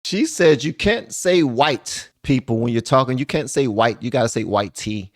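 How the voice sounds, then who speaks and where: A man's voice: medium pitch, animated, moderate pace. A man hosting a reaction commentary show, talking into a desk microphone and often repeating himself. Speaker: channel host.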